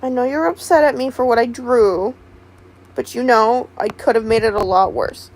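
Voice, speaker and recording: A woman's voice: a little high, moderate pace, darkish tone, rough recording. A woman streaming live, chatting casually with a giggly, rambling manner. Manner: giggly, rambling, repeats words.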